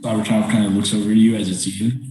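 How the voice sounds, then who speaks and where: A man's voice: lowish voice, little pitch movement, very fast, mellow, faint music behind. Man running a tabletop game, echoey. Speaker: game master.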